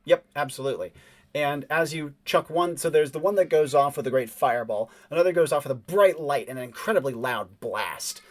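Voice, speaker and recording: A man's voice: a little high, a little fast. A man narrating as game master of a tabletop game, describing scenes casually with fillers.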